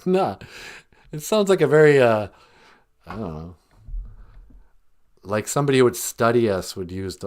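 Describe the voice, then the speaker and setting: A man's voice: medium pitch, expressive, normal speed, pauses often. An older man hosting a podcast, joking sarcastically and laughing often as he talks. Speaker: podcast host. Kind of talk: comedic casual chat.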